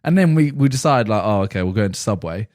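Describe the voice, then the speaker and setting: A man's voice: lowish voice, fast, no room sound, clean studio sound. A young man on a podcast telling a rambling anecdote in casual chat, acting out what people said. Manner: animated anecdote telling, acts out quotes. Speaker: podcast co-host.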